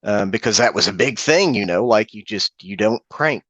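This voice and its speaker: A middle-aged man giving an earnest, halting personal account as a guest on a video call, often restarting and repeating his words. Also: lowish voice, expressive, fairly bright tone, slightly rough, no echo. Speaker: guest witness.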